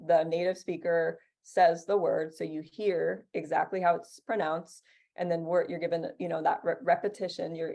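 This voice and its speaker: A woman's voice: fairly low pitch, gravelly, warm tone. A woman who teaches Italian, answering interview questions in a chatty way with many fillers and restarts.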